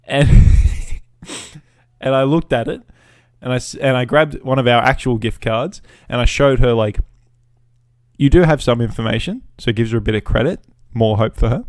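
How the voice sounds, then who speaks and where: A man's voice: medium pitch, normal speed, dry recording, clean studio sound. A man hosting a podcast, telling a story as a swaggering, sweary and mocking rant into a podcast mic. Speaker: podcast host.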